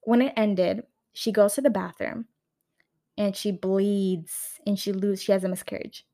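A young woman rants heatedly on a casual vlog while reviewing a film, swearing often and full of fillers and restarts. Even so, her medium-pitched voice is mellow, with a steady tone and an unhurried pace.

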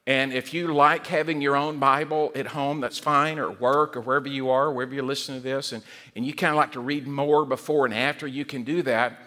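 A man preaching a sermon as pastor, animated, often repeating words and acting out quoted voices. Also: mid-range voice, brisk.

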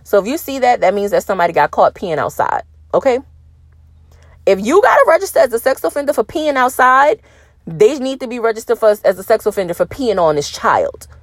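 A young adult woman hosting a casual podcast alone, ranting bluntly with swearing and an animated, lively delivery. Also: a little high, fairly quick, no room sound, clean studio sound. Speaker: podcast host. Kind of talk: casual solo podcast talk.

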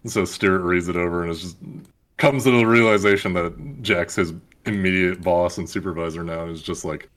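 A young man casually recapping a film, animated, acting out the characters and laughing often. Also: low-pitched, a little fast. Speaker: podcast host.

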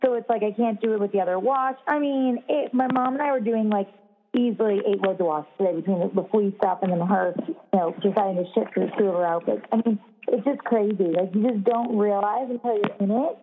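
A woman's voice: mid-range voice, fairly quick, narrow, tinny audio, slight background noise. Chatty young woman, phone-thin sound. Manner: rambling, full of "like", swears freely. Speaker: podcast co-host, new mother. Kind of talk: casual chat.

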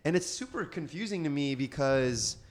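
A man hosting a casual podcast, talkative, with quick asides and casual swearing. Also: on the high side, expressive. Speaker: podcast host. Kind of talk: casual chat.

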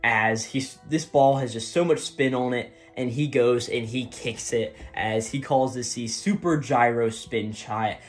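A man rambles through a comic recap in loose, casual chat, stacking fillers and tagging lines with "right?". His pitch sits mid-range, and faint music plays underneath. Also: a little slow, few pauses. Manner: rambling, filler-heavy, keeps asking "right?". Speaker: manga recap host.

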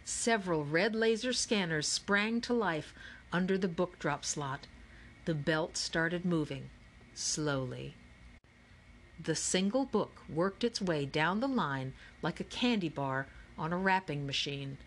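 Lady reading a kids audiobook, lowish voice, steady and clear. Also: slow pace. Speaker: audiobook narrator. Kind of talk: scripted narration.

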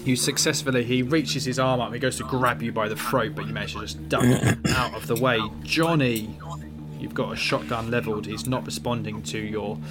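A man's voice: mid-range voice, fairly even intonation, normal speed. A man running a tabletop horror game as game master, narrating in a loose, rambling, self-mocking way. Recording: noisy background.

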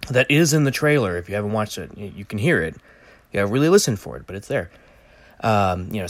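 A man with a slightly low voice talks through a trailer in casual solo commentary. He rambles, restarts often and keeps the tone jokey. The recording is close and dry. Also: no echo. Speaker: vlogger reviewing a movie trailer.

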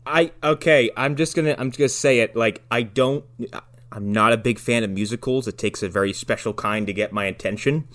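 A man's voice: mid-range voice, brisk, a bit bright, soft background music. A man casually riffing on a movie with friends, blunt and crude. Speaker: podcast co-host.

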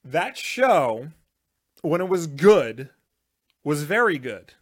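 A man co-hosting a live show, chatting casually with his co-host. He rambles and leans on filler words. His voice sits a little on the high side. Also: very animated, slow pace. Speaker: podcast co-host. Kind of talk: casual chat.

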